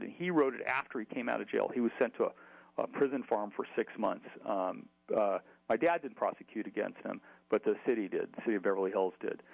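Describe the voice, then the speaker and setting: Gravelly-voiced man telling stories. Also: on the low side, dry recording, dull audio. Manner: chatty, many fillers and restarts. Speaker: author. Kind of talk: storytelling in an interview.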